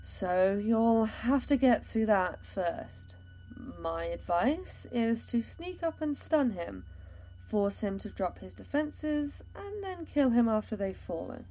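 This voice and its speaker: A woman's voice: on the high side, animated, slow pace, warm tone. A woman voicing a wary young male elf noble in disguise, with a hesitant, drawling way of talking. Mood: nervous.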